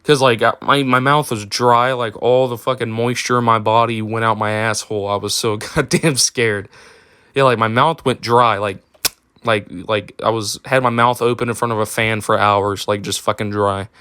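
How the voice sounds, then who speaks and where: A man's voice: lowish voice, fairly even intonation, moderate pace, pushed and bright, clean tone, no echo, clean studio sound. A young man telling a personal story in a casual, rambling way, with lots of fillers and swearing. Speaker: storytime vlogger.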